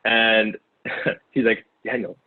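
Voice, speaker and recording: A man in his twenties, originally from Ukraine, tells his story quickly and loosely, full of fillers and restarts. His voice is somewhat low and husky. The sound is narrow and tinny, like a phone line. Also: steady tone. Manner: rambling, many fillers and restarts. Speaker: guest, former sales intern. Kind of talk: casual interview storytelling.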